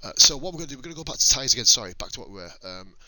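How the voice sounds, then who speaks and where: A man's voice: medium pitch, big pitch swings, very fast, sharp tone, poor audio. A man in his thirties from North England with a Northern English accent, commentating a sim race on a live stream in a casual, chatty way, swearing and laughing often. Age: 30s.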